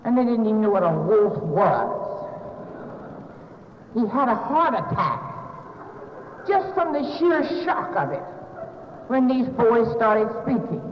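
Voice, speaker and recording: An older Southern woman tells her story with wry, self-mocking humor. Her voice sits high. It rings through a large echoey hall on a dull, muffled old recording. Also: very animated, takes it slowly, pauses often, a little hiss or hum. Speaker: speaker sharing her recovery story. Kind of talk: storytelling talk to an audience.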